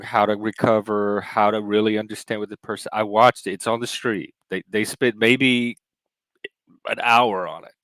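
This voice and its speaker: A man mediating a casual livestream debate, speaking in a measured, hesitant way. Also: on the low side, a bit bright, smooth, no echo, low-quality recording. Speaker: panelist.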